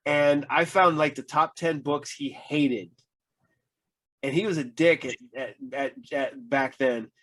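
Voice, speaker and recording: This man's voice sits on the higher side and sounds a bit bright, and he speaks slowly. As a podcast host in easygoing talk, he wanders through anecdotes, impersonates the people he quotes, and uses plenty of fillers.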